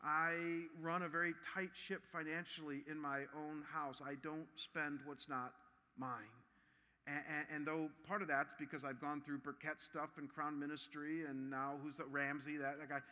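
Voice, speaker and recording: Man in his fifties, pastor, lively storytelling sermon, sharp bright voice, long hall reverb. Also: on the high side, normal speed. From Ohio, USA. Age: 50s. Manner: storytelling, animated and personal.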